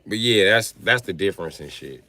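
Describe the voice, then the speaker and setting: A man's voice: low-pitched, expressive, normal speed, pushed and bright. A man ranting casually on a livestream, with profane, slangy, streetwise storytelling.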